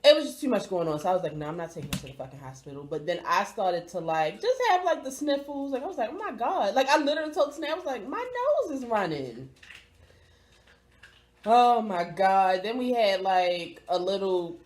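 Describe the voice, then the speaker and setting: Fast and animated, with hardly any pauses, this Baltimore vlog host has a mid-range voice. She talks directly to her viewers in a casual chat to camera, swearing freely.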